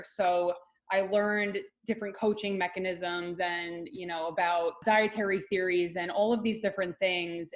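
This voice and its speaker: A woman's voice: lowish voice, rough recording. A woman with a Long Island accent, a pharmacist and coach, talking candidly and chattily as an interview guest. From Long Island, New York. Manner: chatty, candid, quick to laugh. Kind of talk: casual interview talk.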